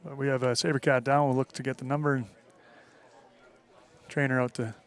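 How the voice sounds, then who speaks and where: A man's voice: medium pitch, flat delivery, a little fast, smooth. A man calling live football play-by-play in an easygoing, folksy way. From Northern Ontario. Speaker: play-by-play commentator.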